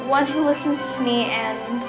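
A woman's voice: a little high, steady tone, measured pace, natural voice. An actress playing an awkward young woman in a film, speaking dryly. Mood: deadpan. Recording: film clip, echoey with music.

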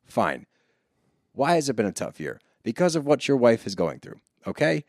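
A man's voice: medium pitch, sing-song, moderate pace, no echo, clean studio sound. A man co-hosting a podcast, chatting casually, agreeable and joking along. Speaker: podcast co-host. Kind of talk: casual recap chat.

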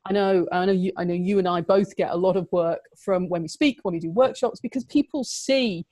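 A co-host giving frank, direct business advice in a casual chat. The voice sits at a middle pitch. It is recorded dry and close, with no room echo. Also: fairly quick, a little mellow.

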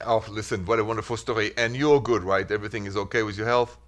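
A man's voice: on the low side, fairly even intonation, quick pace. A man hosting a radio advice show, talking in an earnest, reflective way with simple repeated phrases. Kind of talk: casual radio talk.

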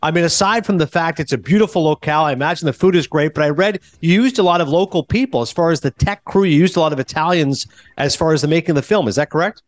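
A man who is a film critic and podcast host, telling a casual story and acting out the dialogue, then interviewing a guest. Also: a little high. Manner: animated, quick, acts out dialogue.

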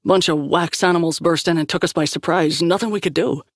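A woman's voice: lowish voice, a little fast, no room sound, natural voice. Woman voicing a casual, rambling young man, dry sound. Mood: offhand.

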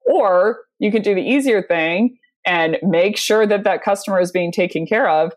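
A woman's voice: mid-range voice, normal speed. A woman guest on a sales podcast, telling anecdotes in a chatty way, laughing often and using lots of fillers. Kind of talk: casual conversational interview.

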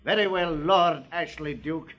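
An actor playing a gruff, loyal old Scottish animal trainer in a 1950s radio drama, with a husky brogue. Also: male voice, fairly high pitch, unhurried, fairly bright tone. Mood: defiant. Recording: dull lo-fi 1950s radio broadcast.

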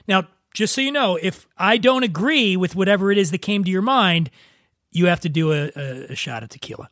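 Podcast host guy, highish voice, jokey rambly banter, dry close sound. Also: lively intonation, a little fast, fairly bright tone, dry recording. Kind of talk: casual podcast chat.

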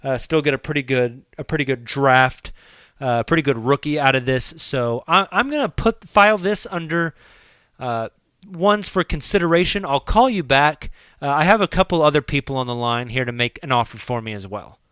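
A man playing a cautious team executive on a mock trade call who weighs offers in a hesitant, measured way. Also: mid-range voice, expressive, a bit bright, clear, resonant tone, no echo, natural voice.

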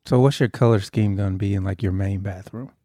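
A man's voice: fairly low pitch, steady tone, fairly quick, warm tone, dry recording, studio quality. Giggly, teasing man on a podcast. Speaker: podcast co-host. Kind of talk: casual chat.

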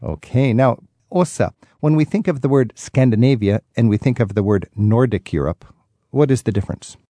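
A man's voice: mid-range voice, lively intonation, moderate pace, warm tone, dry recording. A man hosting a talk show panel, asking questions in a conversational, lightly teasing way. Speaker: radio talk show host.

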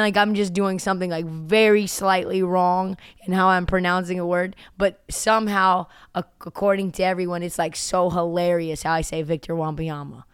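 A woman with a hoarse, worn-out voice hosting a sports podcast, chatting casually and joking at her own expense. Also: on the low side, no room sound, clean studio sound. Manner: chatty, self-mocking, reporter's banter. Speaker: podcast host. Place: on location.

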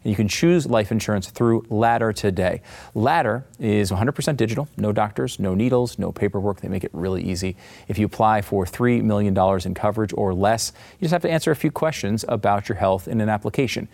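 A man hosting a talk show who plugs his guest's book and reads an ad in a brisk, salesy way. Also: fairly low pitch, gravelly, a little mellow. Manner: brisk, salesy when reading ads. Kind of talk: host talk and read ad.

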